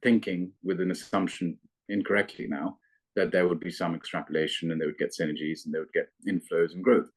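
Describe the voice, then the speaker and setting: A man working as a fund manager, explaining investments in a measured, analytical way with frequent restarts. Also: deep voice, steady tone, husky. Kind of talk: investment interview.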